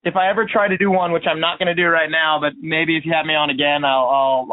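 A male teacher appearing as a podcast guest, telling stories in a relaxed, wry way. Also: a little high, fast talker, dry recording. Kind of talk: casual chat. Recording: dry tinny phone-like line.

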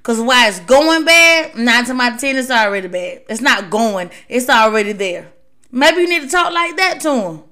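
A woman's voice: on the high side, lively intonation, normal speed, bright, forceful tone. A woman hosting a podcast, giving emphatic advice in a casual monologue, repeating words for stress. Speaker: podcast host.

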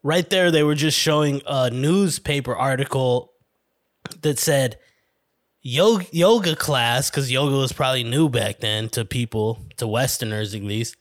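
A man's voice: medium pitch, unhurried, no room sound, clean studio sound. Profane, rambling man hosting a podcast. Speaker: podcast host. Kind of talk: casual podcast chat.

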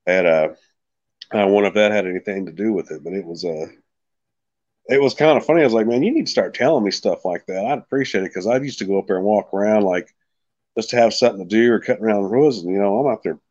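A man's voice: lowish voice, fast, darkish tone. Rambling man telling a story, lo-fi. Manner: rambling, folksy, repeats "like I said". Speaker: podcast guest. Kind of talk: casual storytelling.

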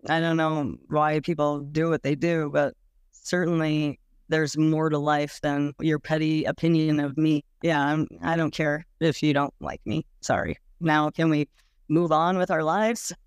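Frank woman with a smooth, dry voice. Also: low-pitched, flat delivery, unhurried, no room sound. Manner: frank, casual, many "like"s, swears bluntly. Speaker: interviewee. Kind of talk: candid personal recollection.

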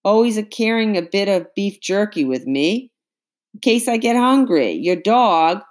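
A woman voicing a smooth-talking older male neighbor who speaks in a quick, folksy, soothing way. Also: mid-range voice, animated, darkish tone, pitched above the performer's own voice, lightly acted. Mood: apologetic.

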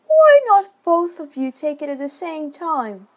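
A woman's voice: high-pitched, big pitch swings, measured pace, pitched above the performer's own voice. A woman voicing a wise, earnest young girl in a storybook reading.

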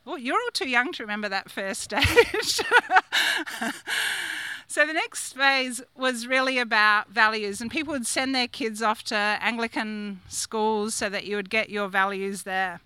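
A woman in her fifties preaches a sermon in a chatty, questioning way, laughing now and then. Her voice is bright and crisp, pitched a little high. The sound is close and dry. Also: unhurried, no echo. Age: 50s. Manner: chatty, asks the congregation questions, laughs often. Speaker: guest preacher. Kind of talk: conversational sermon.

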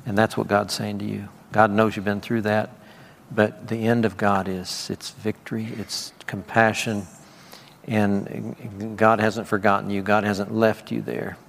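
Fairly low and gravelly, his level voice moves a little slowly, with a little hiss or hum on the recording. He preaches and delivers prophetic words to people in a relaxed, conversational style with laughing asides and repeated praise, during informal charismatic ministry in a church hall with long reverb and faint ambience.

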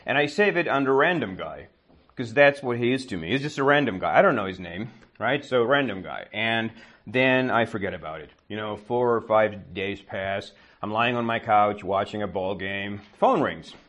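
A male stand-up comedian telling a story in an animated way, acting out the dialogue as he goes. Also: fairly low pitch, normal speed.

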